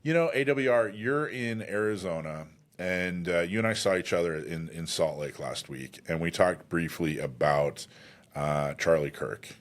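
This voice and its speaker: A man hosting a radio interview, speaking haltingly with frequent "uh"s and restarts. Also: low voice. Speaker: host.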